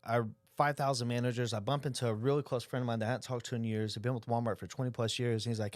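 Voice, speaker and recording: A middle-aged man, a podcast guest who tells stories in a lively way and acts out the dialogue. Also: mid-range voice, fast talker, hardly any pauses, dry recording. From Oklahoma. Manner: animated storyteller acting out quoted dialogue. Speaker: insurance agency owner, guest. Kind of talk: casual storytelling interview.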